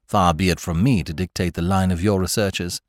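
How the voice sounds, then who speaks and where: A man reading the part of a suave, airy young gentleman who talks in elaborate, formal phrases. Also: low voice, steady tone, a little fast, no echo, clean studio sound, voice pushed down, lightly acted.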